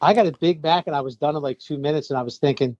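Guy cohost, a bit higher voice, blunt and salty, muffled dry mic. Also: rapid-fire, a little mellow, no echo. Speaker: podcast co-host. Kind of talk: casual chat.

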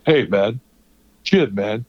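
A man's voice: fairly low pitch, expressive, no room sound, dull audio, pitched below the performer's own voice. A man doing a dreamy, drawling old rocker. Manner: slow, dreamy, repetitive drawl. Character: laid-back older male rock keyboardist, drawling "man" endlessly.

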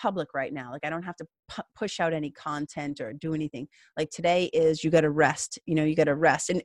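A woman's voice: lowish voice, dry recording, studio quality. A woman spiritual coach talking earnestly and casually to her followers, with plenty of fillers and restarts. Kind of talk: casual motivational talk to followers.

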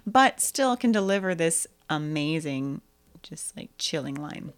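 A young adult woman co-hosting a casual movie podcast, animated, breaking into high squeaky voices to act out scenes. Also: a little slow, clear, resonant tone. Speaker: podcast co-host.

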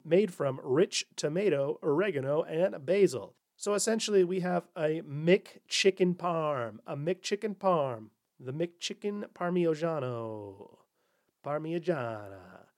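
A man's voice: fairly high pitch, lively intonation, measured pace, hardly any pauses, darkish tone. A man hosting a comedy podcast, delivering a sarcastic monologue and slipping into mocking corporate voices. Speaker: podcast host.

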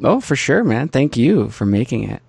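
A man hosting a casual interview, relaxed and friendly, with quick affirmations. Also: mid-range voice, gravelly, husky, no room sound. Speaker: podcast host.

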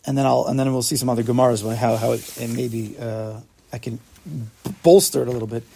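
A man's voice: mid-range voice, fairly even intonation, fairly quick, vocal fry, dark tone, husky. A man teaching an informal Talmud class, explaining step by step and asking and answering his own questions.

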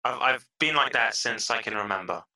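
Bright-voiced British man telling stories. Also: fairly low pitch, brisk, rough recording. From England. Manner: energetic, animated storytelling with playful voices. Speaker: podcast guest. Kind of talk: casual interview chat.

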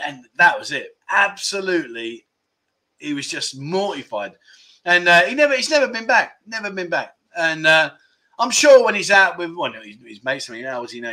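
Middle-aged English livestream host, chatty storyteller, slightly high, bright tone. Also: male voice, expressive, normal speed. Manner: chatty storyteller reading viewer comments aloud. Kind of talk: casual livestream chat.

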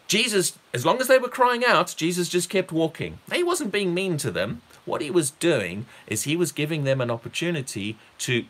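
A man preaching a sermon, emphatic and repetitive, jumping up on key phrases and dropping low for quick asides. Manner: emphatic, repeats words, rises sharply on key phrases; drops low and quiet for asides.

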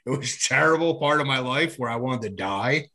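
Talking a little fast with lively intonation and a pushed, bright, medium-pitched voice, a guest recounts his own recovery in an interview. His telling is loose and rambling, heavy on fillers, with frequent restarts and swearing.

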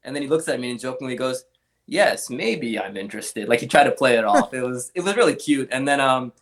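A man in his young adult years chats casually as an interview guest, spinning animated anecdotes. His speaking pitch sits in the middle range, and he slips into other people's voices when he quotes them. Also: fast talker. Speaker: guest, comic art collector.

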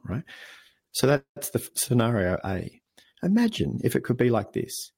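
An Australian man speaking as a podcast guest, telling stories in an earnest, animated way. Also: mid-range voice, normal speed, gravelly, slightly rough. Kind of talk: conversational interview.

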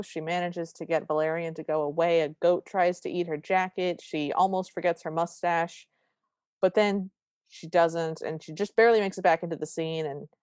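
A woman's voice: lowish voice, smooth, dry recording, clean studio sound. A woman co-hosting a podcast, retelling a movie scene by scene in casual chat and acting out the characters' lines. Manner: animated retelling with quoted lines. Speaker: podcast co-host.

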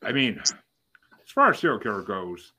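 Bright-voiced male podcast host. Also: lowish voice, very animated, measured pace, a little hiss or hum, poor audio. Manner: reads out facts, then polls each co-host. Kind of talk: casual group podcast chat.

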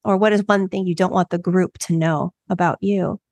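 A woman's voice: lowish voice, fairly even intonation, normal speed, a little mellow, dry recording. Reflective woman coach, dry close mic. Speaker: podcast co-host and coach. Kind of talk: casual podcast conversation.

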